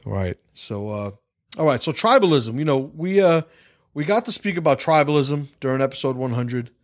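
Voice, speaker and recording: A man's voice: mid-range voice, lively intonation, normal speed, no room sound, clean studio sound. A man hosting a casual livestream podcast, rambling, swearing freely and restarting his sentences. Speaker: podcast host.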